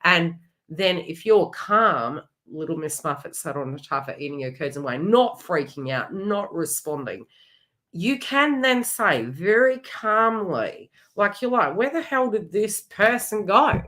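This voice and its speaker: A middle-aged woman hosts a live psychic reading in a frank, chatty way, swearing lightly as she goes. Her voice sits low but comes across bright and forceful. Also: animated, measured pace. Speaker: psychic medium host.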